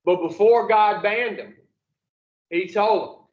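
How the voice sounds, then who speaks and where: Slow high-voiced man teaching a group. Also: a little mellow. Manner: folksy storyteller, mild swearing, calls on listeners. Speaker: addiction recovery group leader. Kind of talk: casual teaching to a recovery group. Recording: echoey room, dull lo-fi sound.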